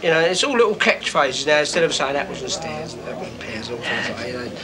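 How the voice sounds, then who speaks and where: A man's voice: medium pitch, lively intonation, fast. A man chatting casually in a pub, laughing and full of fillers. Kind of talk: casual chat. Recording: pub recording with crowd chatter.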